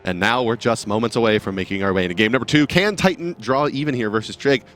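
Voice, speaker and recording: A man calls an esports draft in quick play-by-play, rattling off picks and bans at speed. A faint music bed plays under his voice. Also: mid-range voice, fairly bright tone. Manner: announces picks and bans briskly. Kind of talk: play-by-play commentary.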